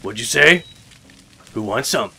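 A man doing jokey, excitable gameplay commentary, yelping and muttering as he plays. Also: mid-range voice, a little slow, vocal fry. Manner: excitable, jokey, swears mildly, yelps when hit. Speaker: let's play gamer. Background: game music.

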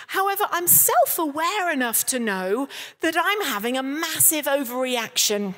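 A woman's voice: sits high, lively intonation, a little slow, fairly bright tone. A woman in her thirties preaching at a church service, telling candid, humorous stories and acting out what people said. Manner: candid, humorous storytelling with acted-out quotes. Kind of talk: sermon. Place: church hall. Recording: long reverb of a church hall.

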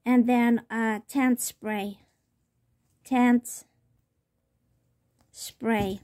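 A woman's voice: on the high side, steady tone, drawn-out words, a little mellow. A woman vlogger giving casual product tips, chatty and rambling, with many ums and restarts.

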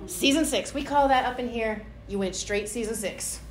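A woman's voice: fairly high pitch, normal speed, a little mellow. A woman pastor preaching a conversational sermon, playfully acting out little prayer scenes. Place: church hall. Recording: echoey church room.

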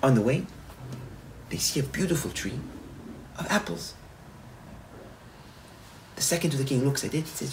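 A man, a rabbi, retelling a parable in a sermon, animated and repetitive. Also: mid-range voice, moderate pace, long pauses, slight background noise, rough recording. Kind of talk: sermon storytelling.

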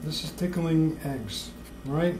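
A home cook talking through baking in a slow, whimsical, playfully mock-serious way in a kitchen. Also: medium pitch, darkish tone, roomy sound, slight background noise, poor audio. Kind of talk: playful cooking video banter.

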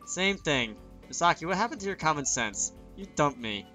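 A man's voice: on the high side, sing-song, normal speed, sharp tone, soft background music. A man voicing a stern, aloof young woman with a dry, scolding delivery in a visual novel reading.

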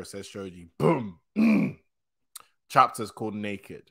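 A young man hosting a casual manga reaction, excitable and slangy, often stopping to correct himself. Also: medium pitch, normal speed. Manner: excitable slangy chatter, frequent restarts.

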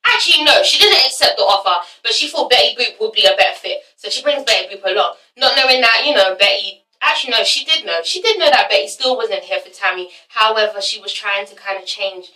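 Woman vlogger, high bright voice, cussing, recapping, echoey room, mic set back. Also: fast talker, few pauses. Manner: swearing, animated, acts out scenes. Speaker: vlog host reviewing a reality show. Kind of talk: casual review chat. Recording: roomy, mic at a distance.

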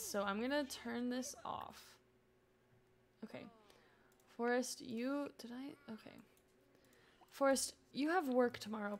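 A woman's voice: high voice, unhurried, gravelly. A young woman streaming a life-sim game, chatting and coaxing her characters along with frequent laughs. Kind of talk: casual gameplay commentary.

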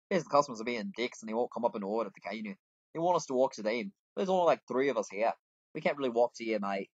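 A man's voice: mid-range voice, animated, very fast, breathy edge, dry recording. A man giving casual, joking let's-play commentary at home. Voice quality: chatty, joking, talks to his pet. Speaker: gamer. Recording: dull dry home mic.

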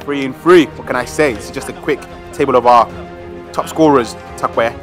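A man giving lively, slangy amateur commentary on his club's football match. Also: mid-range voice, moderate pace, faint music behind. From South London. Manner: casual slang, cheering and groaning over plays.

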